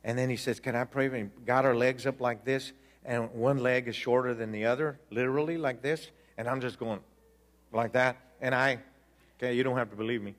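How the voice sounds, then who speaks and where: A man giving an animated personal testimony, acting out voices, laughing and repeating himself as he tells it. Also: medium pitch, a little fast.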